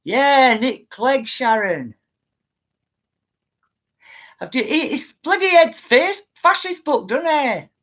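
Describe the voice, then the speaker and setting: Slow-talking woman streaming live. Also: high-pitched, animated, fairly bright tone. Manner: chatty, greets viewers by name, rants at times. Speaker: livestream host. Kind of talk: casual livestream chat.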